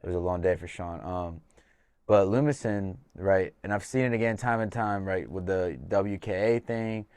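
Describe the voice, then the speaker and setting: A man's voice: low voice, normal speed, darkish tone, clear, resonant tone, dry recording. A man hosting a podcast, telling a casual, profane story as a fight coach and acting out the dialogue as he goes. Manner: loose and profane, acts out quoted dialogue.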